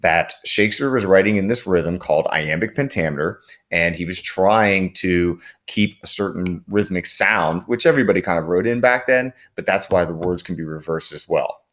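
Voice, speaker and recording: A man's voice: low-pitched, normal speed, fairly bright tone. A man teaching a lesson, explaining patiently with frequent fillers and reading quoted lines aloud. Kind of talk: recorded classroom lecture.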